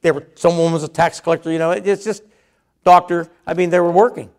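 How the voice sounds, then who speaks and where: A man's voice: fairly high pitch, steady tone, fast talker. A man preaching a conversational sermon, reading scripture aloud and then retelling it in his own words.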